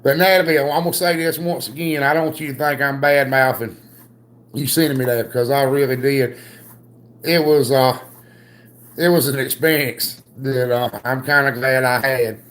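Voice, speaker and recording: Man, livestream co-host, easygoing joker, mid-pitched, rambling delivery. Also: steady tone, moderate pace, a bit bright. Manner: joking, rambling, drawling with filler "uh"s. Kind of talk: casual livestream chat.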